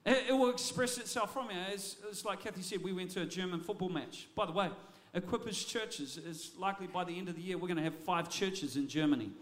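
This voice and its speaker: A man with a high-pitched voice preaches a sermon. He talks with energy and often doubles back on his words as he restarts a phrase. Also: brisk, few pauses, a bit bright. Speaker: pastor.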